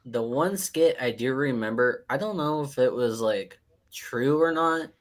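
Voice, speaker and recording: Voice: mid-range voice, a little slow. A panelist chatting casually, joking and mimicking other people's voices. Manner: lively, mimics voices, jokey. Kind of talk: casual chat.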